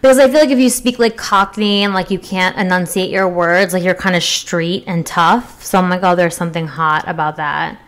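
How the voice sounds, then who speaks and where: A woman's voice: mid-range voice, fairly even intonation, normal speed, hardly any pauses. A young woman co-hosting a casual chat show, talking frankly with lots of fillers and jokes. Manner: chatty, filler-heavy, frank and joking.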